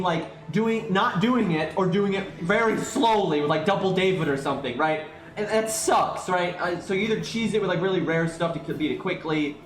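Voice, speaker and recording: A man's voice: high-pitched, roomy sound. Exasperated man ranting on a live stream. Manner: exasperated, animated, swears, many restarts. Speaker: game streamer.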